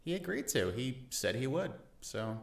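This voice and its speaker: A man's voice: mid-range voice, very animated, normal speed, vocal fry. A man hosting a reaction commentary, analyzing a clip in a dry, wry manner. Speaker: commentary host.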